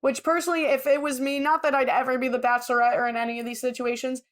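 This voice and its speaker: A woman's voice: sits high, level tone, fast. A woman co-hosting a podcast, chatting casually and airing firm opinions. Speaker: podcast co-host.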